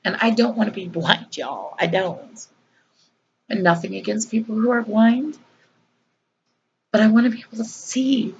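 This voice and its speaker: Gravelly-voiced woman telling a personal story. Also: on the high side, steady tone, moderate pace, long pauses, a little mellow, lo-fi sound. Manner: earnest, conversational, frequent fillers and repeats. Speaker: vlogger.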